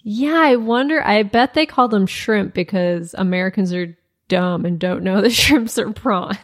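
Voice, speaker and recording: A woman hosting a podcast in casual chat, playful and jokey, quick to laugh. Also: medium pitch. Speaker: podcast host.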